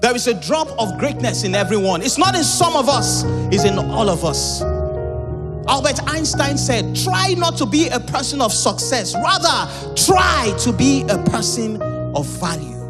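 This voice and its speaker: A man delivers rhythmic spoken-word poetry, half-sung, his pitch swinging widely. Loud guitar music plays behind him throughout. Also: big pitch swings, a little slow.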